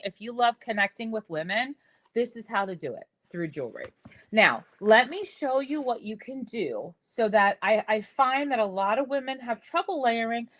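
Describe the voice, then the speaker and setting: A woman's voice: fairly high pitch, a bit bright, no room sound. A middle-aged woman hosting a live jewelry stream from her desk, chatting with viewers in the comments as she demonstrates. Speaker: jewelry seller hosting a livestream. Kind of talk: live shopping stream demo. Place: home desk.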